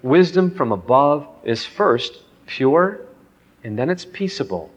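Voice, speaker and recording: A man's voice: on the high side, sing-song, slow. A man in his forties giving a conversational sermon to a crowd, candid and folksy, telling stories from his own family life. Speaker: family seminar speaker. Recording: echoey hall, dull lo-fi sound.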